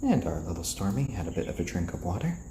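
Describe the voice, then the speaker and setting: A man hosting a casual live stream, talking in a soft, slow, soothing voice to keep his chickens calm while he reads out viewer comments. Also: sits low, background noise. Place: indoors, roomy. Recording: roomy echo.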